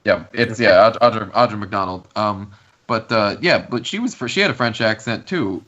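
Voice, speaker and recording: A fairly low-voiced man with a bright, sharp tone, guesting on a casual film podcast. He speaks haltingly and restarts his words often. The sound is a little dull. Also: lively intonation. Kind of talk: casual movie review chat.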